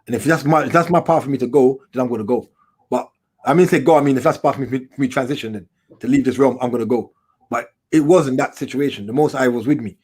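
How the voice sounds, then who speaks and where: A man talks quickly in relaxed street slang, piling one story onto the next. He is middle-aged, and his voice sits at a medium pitch. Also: breathy edge. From England. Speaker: documentary filmmaker, guest. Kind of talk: casual storytelling interview.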